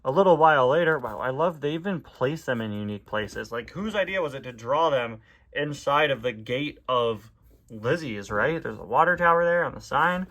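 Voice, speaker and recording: A man's voice: mid-range voice, expressive, moderate pace, sharp tone. A man reading comics aloud and commenting in a chatty, self-deprecating way. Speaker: toy and comic reviewer.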